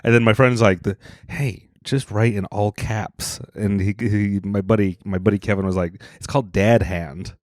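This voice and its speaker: A man's voice: fairly low pitch, steady tone, moderate pace, darkish tone, no room sound. Young man with a dry, wry delivery. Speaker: podcast co-host. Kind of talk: casual comedic banter.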